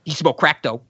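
A man co-hosting a casual podcast, his bright, slightly higher voice swinging up and down as he talks. He laughs often and tosses in quick asides. The sound is dry and a little dull and lo-fi. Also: slightly rough, dry recording. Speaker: podcast co-host. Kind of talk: casual chat about sketch comedy.

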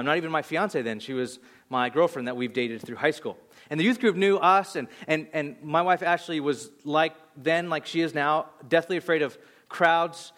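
A man in his thirties preaching a sermon as a pastor, telling an animated, self-deprecating story with halting restarts in his reflective moments. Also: a little high.

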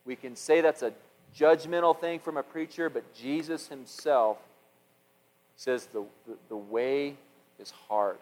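A middle-aged man preaching a sermon as pastor, animated, with repeated words and restarts, swinging from loud passages to hushed ones. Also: medium pitch, unhurried, big-room sound, rough recording.

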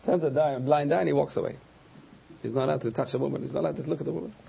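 A man's voice: a little high, fairly even intonation, racing, creaky, slightly rough, muffled recording. A man teaching a Torah class as a rabbi, telling stories and acting out the voices of the people in them. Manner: storytelling, acts out quoted voices.

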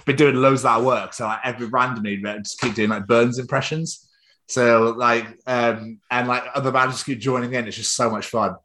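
A tired man co-hosting a podcast in casual chat, animated and laughing often. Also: mid-range voice, normal speed, slight background noise. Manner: animated, laughs often, does jokey impressions. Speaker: podcast co-host.

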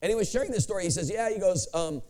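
Male preacher, high and lively delivery, animated storyteller who climbs to shouts. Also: rapid-fire. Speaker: pastor. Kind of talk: sermon.

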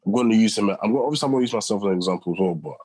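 A man's voice: lowish voice, expressive, darkish tone, breathy edge, no room sound. A young man, a podcast guest, talking earnestly in a casual interview. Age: young adult. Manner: earnest, talks fast with many restarts.

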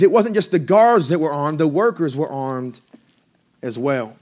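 A man preaching a sermon as pastor, mixing conversational asides with rising, drawn-out emphasis. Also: a little high, animated, a little mellow. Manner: conversational asides with self-deprecating laughs.

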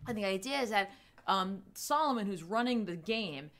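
A woman's voice: medium pitch, animated, moderate pace, a bit bright. A woman co-hosting a podcast, chatting casually and rambling through a comic's plot with lots of "like" and "um.". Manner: rambling, full of "like" and "um". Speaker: podcast co-host reviewing comics. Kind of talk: casual chat.

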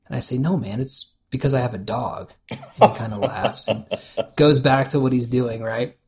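A man's voice: mid-range voice, moderate pace, a little mellow, husky. A man co-hosting a podcast, casually telling a story, laughing often and quoting people in a loose voice. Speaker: podcast co-host.

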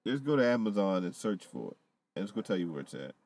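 A man's voice: lowish voice, fast talker, slight background noise. A man chatting casually on a podcast, swearing freely and often laughing. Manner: animated, profane, laughs often. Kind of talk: casual chat.

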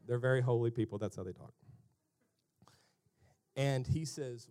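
A male pastor preaching a sermon, swinging from loud emphatic calls to hushed, almost whispered lines and acting out characters in mocking voices. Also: mid-range voice, a little slow, long pauses.

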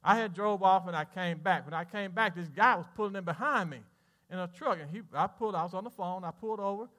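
A man preaches in a high, ringing voice. He tells his story like an animated storyteller and often chuckles at himself. The delivery is a pastor's sermon from the pulpit. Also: fast talker. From Southern United States. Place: church sanctuary.

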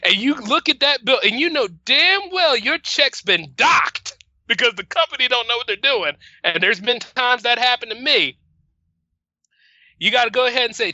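A man's voice: extremely high pitch, lively intonation, normal speed, bright, forceful tone, no echo, muffled recording. A man from Delaware on a casual podcast, ranting animatedly with laughs. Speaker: podcast guest.

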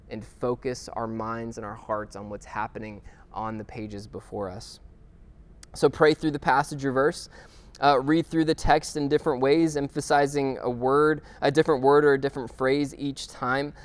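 A man's voice: medium pitch, steady tone, normal speed. A man teaching a weekly Bible study class in a casual, conversational way, with many fillers and restarts and check-ins with his listeners.

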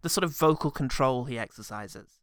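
A man co-hosting a casual film review podcast, sardonic and quick to laugh. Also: medium pitch, no room sound, studio quality. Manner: sardonic, animated, laughs often.

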